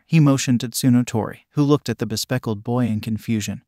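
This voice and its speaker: A man reading fanfiction aloud in an even, plain way. His voice sits at an ordinary middle pitch for a man. It is recorded close and dry, with no room sound around it. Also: fast talker, few pauses, dry recording. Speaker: narrator.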